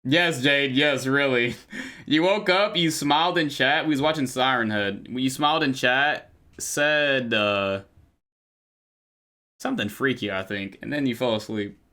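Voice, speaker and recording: Casual young guy streaming, bright tone, gets loud and repeats stuff when startled. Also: mid-range voice, a little slow. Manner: excitable, exclaims and repeats himself. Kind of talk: casual live-stream chat.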